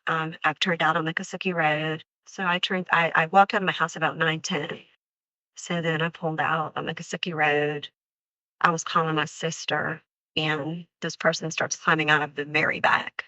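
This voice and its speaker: A woman recounting a frightening attack in an unscripted interview, halting and full of fillers, acting out what was said. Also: sits low, sharp tone, no room sound, lo-fi sound. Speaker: crime survivor recounting an attack.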